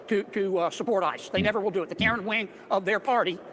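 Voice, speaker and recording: An older senator with a high, sharp voice. He talks quickly but haltingly, stopping and restarting with filler words. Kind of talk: press remarks.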